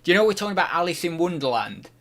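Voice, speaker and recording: A man's voice: high voice, sing-song, very fast, fairly bright tone. A man from the UK hosting a casual livestream, reading out chat questions and thinking aloud, often restarting and unsure of himself.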